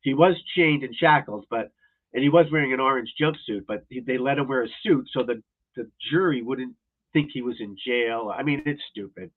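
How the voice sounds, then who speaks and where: A man's voice: medium pitch, normal speed. A man hosting a livestream as a golf instructor, in a casual, rambling, blunt and profane rant. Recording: tinny phone-like audio.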